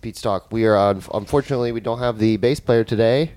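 A man's voice: on the low side, fast, darkish tone. A man hosting a podcast, talking in a loose, rambling, profane way. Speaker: podcast host. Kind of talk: casual podcast chat.

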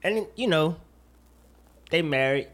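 A man hosting a casual podcast, talking in an animated, jokey way with plenty of profanity and rambling asides. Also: a little high, slow. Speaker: podcast host. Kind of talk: casual chat.

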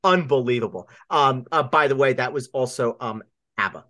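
Playful man with a lively voice. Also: medium pitch, normal speed, no echo, clean studio sound. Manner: teasing, playful. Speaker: podcast co-host. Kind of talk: casual fantasy football podcast chat.

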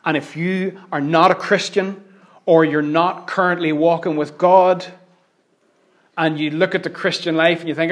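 A man preaching a sermon, his voice sitting a little high for a man. He drives his points home loudly, then drops to hushed near-whispers. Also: steady tone, a little slow, long pauses. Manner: dramatic swings from loud emphatic declarations to hushed near-whispers.

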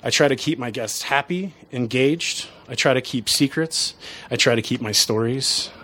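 A man who works as a bartender, telling stories to an audience in a casual, lively way and chuckling often. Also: mid-range voice, moderate pace. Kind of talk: storytelling talk to an audience.

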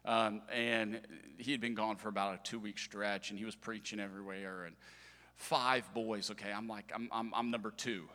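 Bright-voiced preacher in a big hall. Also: male voice, fairly low pitch, normal speed. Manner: storytelling with humor, animated swings in loudness. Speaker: pastor. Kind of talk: sermon. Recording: large hall with long reverb.

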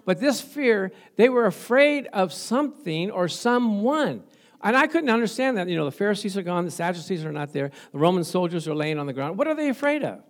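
A man's voice: high-pitched, big pitch swings, brisk. A male pastor preaching a sermon in a conversational way, asking the congregation rhetorical questions and acting out little stories. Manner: storytelling, acting out remembered exchanges.

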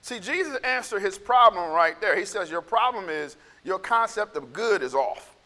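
A man gives a relaxed, chatty sermon, repeating phrases and acting out what people say. His voice is bright and a little high. It echoes through a large hall. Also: moderate pace. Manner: conversational, repeats himself, acts out quotes. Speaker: pastor. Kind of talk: casual sermon.

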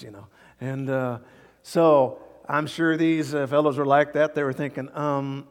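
A man's voice: fairly high pitch, unhurried, creaky, big-room sound. A man preaching a sermon verse by verse, acting out the people he quotes and chuckling often. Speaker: pastor. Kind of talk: expository sermon.

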